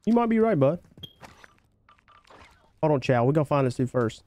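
A man's voice: on the high side, sing-song, moderate pace, darkish tone. A man live-streaming a shooter game, chatting with teammates and viewers in a hyped, slangy way, calling everyone baby and bro. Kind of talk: casual gameplay chat with teammates and viewers.

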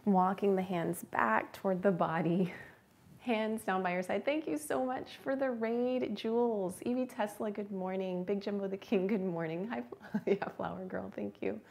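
A woman's voice: mid-range voice, normal speed. Chatty woman guiding a yoga class. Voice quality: gentle, chatty, talks to viewers between cues. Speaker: yoga teacher. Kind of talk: live-streamed beginner yoga class.

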